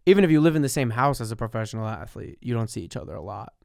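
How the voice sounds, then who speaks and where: Smooth-voiced man, laid-back chat. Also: mid-range voice, lively intonation, very fast, a little mellow, dry recording. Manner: agreeable, often says yeah, laid-back. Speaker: podcast co-host. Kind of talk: casual chat.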